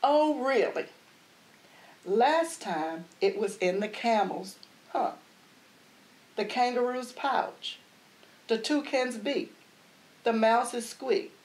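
A woman voicing a patient grown-up in a storybook who coaxes and gently teases a child while braiding her hair. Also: a little high, takes it slowly, long pauses, voice pushed up, rough recording. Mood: teasing. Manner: coaxing, gently teasing.

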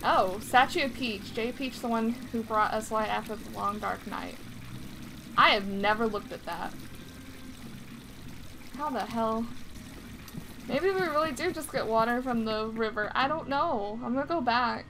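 A woman's voice: on the high side, unhurried, long pauses, background noise. A young woman giving casual, chatty gameplay commentary, often exasperated and grumbling mildly. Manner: exasperated, chatty, mild swearing. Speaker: gaming streamer.

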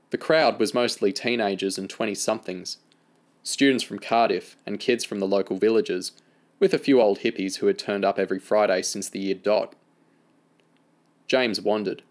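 Measured low-voiced male narrator. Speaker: audiobook reader. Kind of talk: scripted narration.

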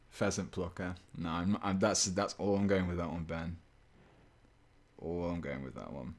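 A man paints while hosting a live stream, speaking unhurriedly in a low, steady voice broken by long pauses. He is rambling and playful, thinks out loud, and makes fun of himself.

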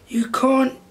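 A man delivering an indignant, heated commentary rant to camera, swearing often and repeating phrases for emphasis. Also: very high-pitched. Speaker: YouTube commentator.

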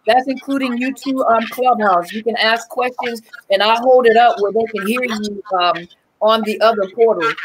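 A woman's voice: on the high side, a little hiss or hum. A woman with a Southern US accent hosting a casual livestream, greeting viewers by name with lots of fillers. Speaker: livestream host and coach.

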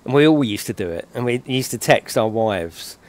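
A man's voice: medium pitch, expressive, moderate pace. A British man live-streaming a game, chatting with his audience in a jokey, swearing, laughing way. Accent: British English. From England. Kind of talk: casual live-stream chat while playing.

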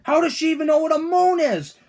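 A man's voice: very high voice, animated, fairly quick, darkish tone. A man voicing Toad as a grumpy, whiny male figure in a fan-made cartoon, ranting with indignant questions.

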